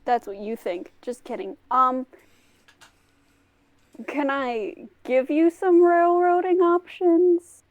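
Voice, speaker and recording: Woman game master, unhurried, high voice, dry self-mocking humour. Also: steady tone, no echo, phone-quality sound. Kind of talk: running a tabletop game.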